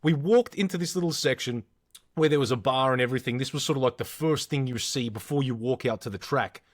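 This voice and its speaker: Talking fast in a mid-range voice, a thirty-something Australian man co-hosts a podcast. His casual chat is packed with rowdy stories told animatedly and swearing at every turn.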